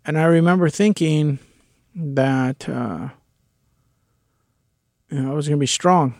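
A man's voice: on the high side, measured pace, gravelly, darkish tone, no echo, studio quality. A man candidly telling a personal story in a conversational way, with the odd curse word. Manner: candid, conversational, with occasional swearing.

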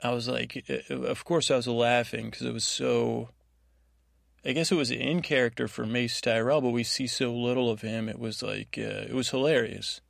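A man hosting a sleep podcast, rambling through a TV episode recap in a halting, meandering way full of restarts. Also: medium pitch, fairly even intonation, vocal fry, dry recording, clean studio sound. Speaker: podcast host.

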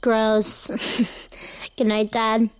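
Brief: sulky, sarcastic teen girl, high and unhurried, for an audio drama. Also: clear, resonant tone, dry recording. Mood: sullen. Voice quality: deadpan, sarcastic. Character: sarcastic teenage girl, eye-rolling daughter.

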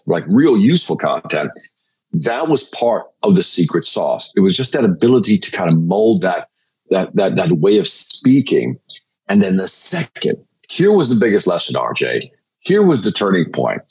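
A man, a sales trainer guest on a podcast, telling an energetic story and checking in with "right?" again and again. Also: lowish voice, slightly rough, low-quality recording. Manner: energetic, repeats "right?" to the listener. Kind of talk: animated storytelling.

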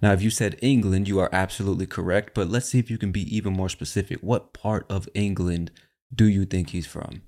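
A man's voice: low voice, steady tone, brisk, a little mellow. A man with an American accent hosting an accent quiz podcast in laid-back, slangy, playful casual chat. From United States. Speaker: podcast host.

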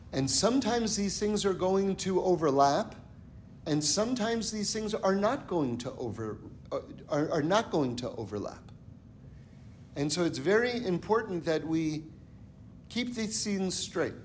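A man with a high voice gives a Torah lesson in a conversational storytelling style. He keeps checking in with his listeners and acts out the characters in his tales. A faint hiss sits under the voice. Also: darkish tone. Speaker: Torah teacher.

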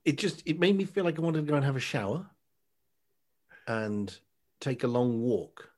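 A man's voice: medium pitch, sing-song, moderate pace, a little mellow. A man chatting casually on a podcast, blunt and wry, with offhand swearing. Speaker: podcast co-host. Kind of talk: casual chat.

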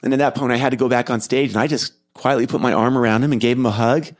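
Middle-aged man, earnest and gentle, reflective podcast storytelling, mid-pitched voice, soft laughs. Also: steady tone, rapid-fire. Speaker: podcast host and keynote speaker.

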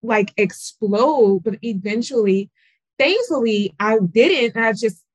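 A woman on a group video call, telling a personal story in an animated way. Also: a little high, slow pace, breathy edge, dry recording. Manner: animated storyteller, acts out voices. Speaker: call participant. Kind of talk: casual group chat.

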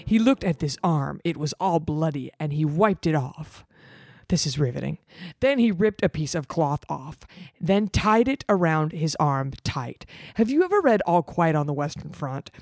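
A woman's voice: sits low, normal speed, no echo, soft background music. Sarcastic woman reading a story aloud. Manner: sarcastic, deadpan asides between read lines. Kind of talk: comedic reading with sarcastic asides.

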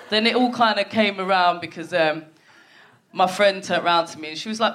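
A woman's voice: mid-range voice, steady tone, fairly quick. Stand-up comic, woman in her forties, salty storyteller on a noisy live theatre recording. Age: 40s. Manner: swearing, storytelling, punchy asides to the crowd. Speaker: stand-up comedian. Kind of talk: stand-up comedy set. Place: theatre stage before a live audience.

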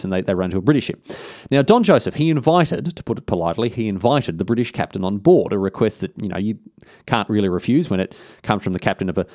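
Animated man, cheeky storytelling. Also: mid-range voice, no room sound, studio quality. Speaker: history podcast host. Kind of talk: casual storytelling.

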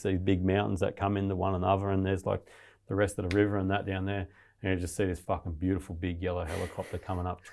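Profane, rambling man, low voice. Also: vocal fry. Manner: profane, rambling, animated retelling. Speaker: guest telling a survival story. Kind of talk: casual storytelling.

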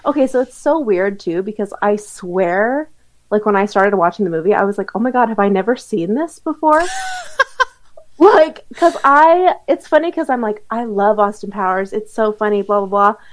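A woman's voice: medium pitch, expressive, normal speed. A young woman co-hosting a movie podcast, chatting casually with fillers and frequent giggles. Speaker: podcast co-host. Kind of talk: casual chat.

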